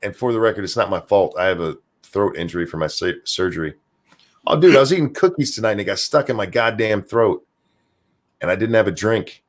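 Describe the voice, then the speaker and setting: A man with a very deep voice hosting a casual podcast chat. He banters crudely and jokes around, with an easygoing swagger. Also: animated, fairly quick. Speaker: podcast host and streamer.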